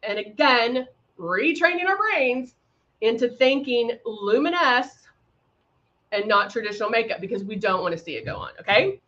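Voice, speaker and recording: Chatty woman, bright livestream voice. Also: a little high, expressive, moderate pace. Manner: chatty, greets viewers by name, many fillers. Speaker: makeup demonstrator hosting a livestream. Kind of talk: live makeup tutorial chat. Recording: slightly dull livestream audio.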